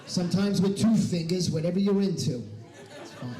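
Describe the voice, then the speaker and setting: A man doing a stand-up comedy set on a stage in a hair salon, animated and swinging into loud shouted punchlines. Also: sits high, normal speed, some chatter behind. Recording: roomy echo of a live room.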